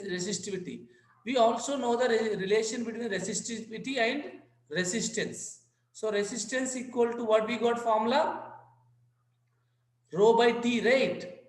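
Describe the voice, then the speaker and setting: A man's voice: very high voice, normal speed, echoey room, poor audio. A man with an Indian English accent, a native Telugu speaker, teaching an online physics class over a video call, repeating points and checking in with his students. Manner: repetitive, addresses students directly. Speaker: physics lecturer.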